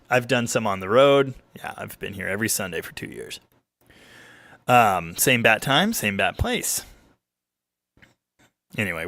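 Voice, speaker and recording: Gravelly livestream host reading chat. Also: male voice, medium pitch, no room sound. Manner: rambling, joking, lively ups and downs. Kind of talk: casual live-stream chat reading viewer comments.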